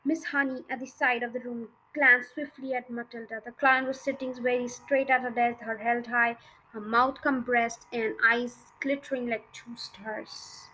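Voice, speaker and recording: A woman reads a children's novel aloud in a high voice. Her reading is expressive and has a few small slips. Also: measured pace, a little hiss or hum, rough recording. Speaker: storybook reader.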